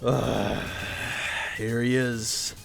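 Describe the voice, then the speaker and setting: Crude, jokey young man, slow drawl. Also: mid-range voice, flat delivery, gravelly. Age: young adult. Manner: crude, profane and irreverent; jokey, laughs at his own gags. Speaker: video essay host. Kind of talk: comedic gameplay commentary voice-over.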